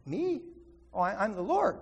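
A man voicing God as a calm, patient figure who gently tells a frightened man what to do. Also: sits high, a little slow, husky, big-room sound, muffled recording, pitched above the performer's own voice, exaggerated voice. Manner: soothing, gently commanding.

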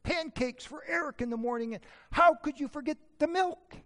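A man voicing an exasperated wife who scolds her husband in a shrieking falsetto, in an echoing hall. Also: moderate pace, a bit bright. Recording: echoey hall reverb.

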